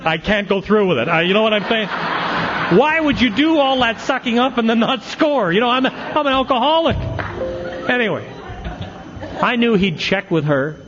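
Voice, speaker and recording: A man's voice: extremely high pitch, lively intonation, moderate pace, highs cut off, over music. A middle-aged man giving a humorous recovery talk, telling stories and acting out the quotes. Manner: storytelling with punchlines, acts out quotes. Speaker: AA speaker.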